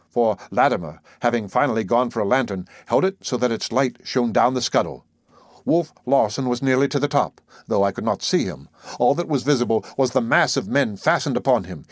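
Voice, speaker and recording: A man narrating an audiobook in a measured, deliberate voice at a middle pitch. The recording is dry and close, with no room sound at all. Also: dry recording. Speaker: audiobook reader. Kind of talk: scripted narration.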